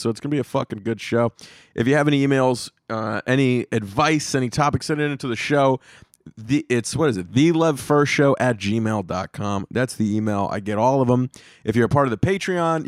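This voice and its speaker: A man's voice: medium pitch, dry recording, studio quality. A man hosting his own comedy podcast, telling rambling, profane stories in a casual monologue. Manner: profane, rambling, animated storytelling.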